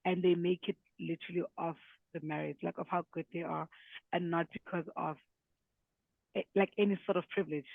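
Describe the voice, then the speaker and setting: Guy on a podcast, talks quick, kinda high gravelly voice, sounds like a phone line. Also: dry recording. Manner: animated, fast, enthusiastic. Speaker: podcast co-host. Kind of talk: casual chat.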